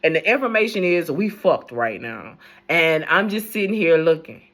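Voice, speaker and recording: A woman's voice: low voice, big pitch swings, moderate pace, a bit bright. A young adult woman speaking, delivering a blunt, rambling rant on the news with plenty of profanity. She talks casually and unscripted, restarting her sentences as her thoughts run ahead. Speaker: news commentator vlogger.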